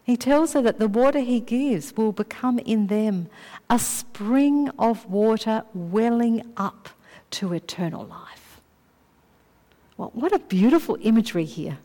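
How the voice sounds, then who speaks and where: A woman with a fairly high voice delivers a sermon, unhurried and deliberate. She stretches out key phrases for emphasis. Her words ring with the long echo of a large hall. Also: a little mellow. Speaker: preacher.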